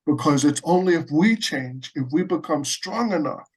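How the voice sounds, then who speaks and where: A man's voice: a little high, lively intonation, moderate pace, breathy edge, low-quality recording. A man from the United States, a Buddhist practitioner, telling a story in a conversational interview with earnest animation and frequent restarts.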